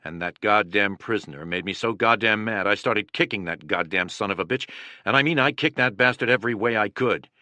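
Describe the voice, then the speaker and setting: A man reading as a gruff, blunt army sergeant. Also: fairly low pitch, fairly quick, pushed and bright, dry recording. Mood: angry. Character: gruff male army sergeant recalling anger.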